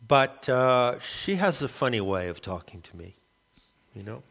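A man calling himself a shaman, rambling through a halting spoken monologue and often searching for the right word. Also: medium pitch, sing-song, fairly bright tone, big-room sound. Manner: halting, searching for words, many restarts. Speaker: self-described shaman.

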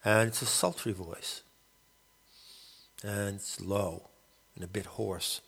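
A man calling himself a shaman, rambling through a halting spoken monologue and often searching for the right word. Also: on the low side, fairly even intonation, creaky, fairly bright tone, husky, long reverb tail. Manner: halting, searching for words, many restarts. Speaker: self-described shaman.

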